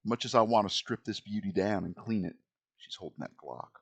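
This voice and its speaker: Man playing a blunt firearm-savvy woman, folksy, low voice, gravelly. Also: brisk. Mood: admiring.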